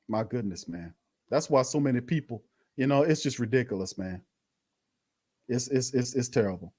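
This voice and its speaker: A man's voice: medium pitch, expressive, moderate pace, dark tone. A man hosting a sports live stream, ranting heatedly with frequent swearing and stammered restarts. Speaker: sports show host. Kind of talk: live-stream watch party rant.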